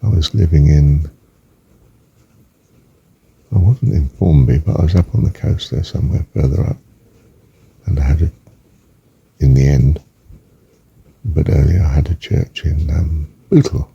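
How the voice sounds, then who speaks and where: A former pastor, a man, talking casually and reading notes aloud, halting with frequent ums and self-corrections. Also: rumbling low, gravelly, warm tone, husky, no echo, muffled recording.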